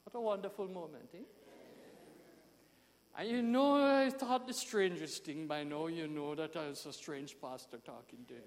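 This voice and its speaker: High-voiced Jamaican pastor preaching. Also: male voice, normal speed, long reverb tail. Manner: animated storytelling, emphatic swings in loudness. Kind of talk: sermon storytelling.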